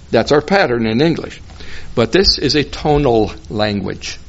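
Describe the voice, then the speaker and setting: In a dull lo-fi recording, a man with a mid-range voice delivers expository Bible teaching. He explains things slowly and deliberately, at points singing out tonal words in another language.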